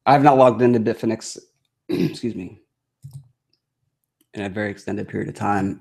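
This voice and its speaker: A man hosting a casual crypto trading live stream, chatty and full of fillers, his voice going hoarse. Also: lowish voice, moderate pace, long pauses, darkish tone. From United States. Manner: chatty, many fillers, reads announcements aloud with annoyance. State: losing his voice. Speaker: crypto trading livestream host.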